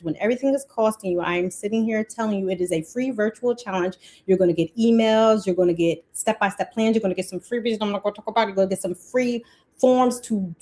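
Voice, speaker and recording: A woman, hosting a casual live-stream budgeting talk, chatty and quick to laugh, breaking off her own sentences. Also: medium pitch, a little mellow. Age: 40s. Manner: chatty, laughs often, self-interrupting. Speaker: livestream host.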